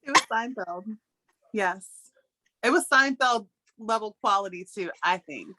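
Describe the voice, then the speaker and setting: A woman's voice: medium pitch, measured pace, pushed and bright, poor audio. A woman chatting as a guest on a show, joking along with the host. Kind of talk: casual chat.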